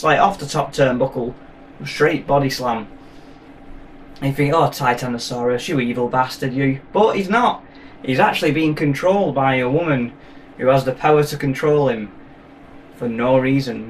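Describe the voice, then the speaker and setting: A man's voice: medium pitch, far from the mic, a little hiss or hum. Jokey man rambling through a film review. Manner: rambling, jokey, playful asides. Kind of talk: casual film review chat.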